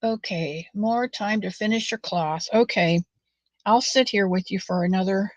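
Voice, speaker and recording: A woman chats to her viewers while she knits, telling folksy stories that wander from one thing to the next. Now and then she drops into a soft mutter as she works. The recording is dry and slightly muffled. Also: mid-range voice, measured pace, dry recording. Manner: rambling, folksy storytelling with soft muttered asides. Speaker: knitting channel host. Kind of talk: chatty knit-along monologue. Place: at home, knitting.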